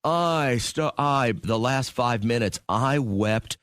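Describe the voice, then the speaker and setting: A man's voice: mid-range voice, slow pace, a bit bright, clean tone, no room sound. A middle-aged man co-hosting a casual radio show, telling a long story with self-mocking asides. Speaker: radio co-host. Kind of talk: casual morning radio chat. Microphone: studio microphone.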